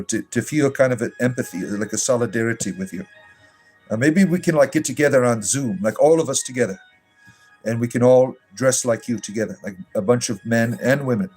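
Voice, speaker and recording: A man's voice: medium pitch, a little mellow, husky, rough recording. Male clergyman-host, live stream, over-the-top earnest with frequent laughs, faint music underneath. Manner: effusive, mock-sincere, laughs often. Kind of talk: live-stream chat with viewers.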